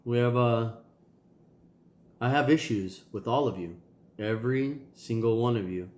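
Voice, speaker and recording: A man's voice: medium pitch, measured pace, a little mellow, reverberant. A man with a nasal voice, a tired and sore father talking casually to his kids in a rambling video diary. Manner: rambling, loose, with many ums and sighs.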